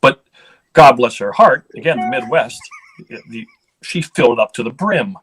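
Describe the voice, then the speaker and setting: A man's voice: medium pitch, lively intonation, normal speed, fairly bright tone, a little hiss or hum. A man in his fifties, from Ohio, telling casual stories as a guest, chatty and rambling with restarts. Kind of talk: casual storytelling.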